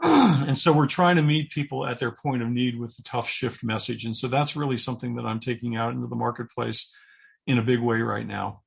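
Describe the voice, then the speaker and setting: Middle-aged male guest, husky tone, earnest and halting, reflective interview talk. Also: mid-range voice. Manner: earnest, halting, repeats words while thinking. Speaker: guest, purpose coach and speaker. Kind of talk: interview conversation.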